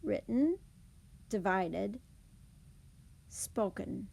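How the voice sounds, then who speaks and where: A woman teacher explaining speech sounds in a phonics lesson, saying example words slowly and clearly. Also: mid-range voice, darkish tone. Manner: clear, deliberate demonstration of words.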